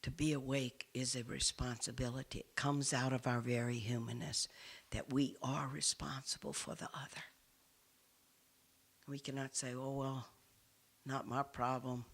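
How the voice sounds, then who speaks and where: An earnest woman, a nun, gives an impassioned talk to a roomful of listeners. Her voice is bright and forceful. She moves between ringing emphasis and near-whispered intensity. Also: a bass voice, gravelly, breathy edge. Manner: earnest, swings from forceful to hushed. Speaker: nun speaking to an audience. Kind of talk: impassioned public speech. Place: room with a live audience.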